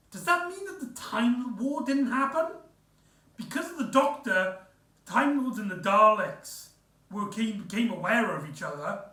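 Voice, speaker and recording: A man's voice: sits high, pushed and bright. A man recapping an episode in a casual, rambling way, full of fillers and restarts. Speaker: reviewer. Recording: echoey room, off-mic.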